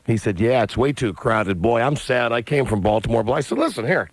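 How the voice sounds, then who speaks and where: Lively guy radio host, telling stories and doing little voices, lots of up and down in his pitch. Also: a little fast, no room sound. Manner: animated storyteller, acts out voices and reads letters aloud. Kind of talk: morning radio banter and storytelling.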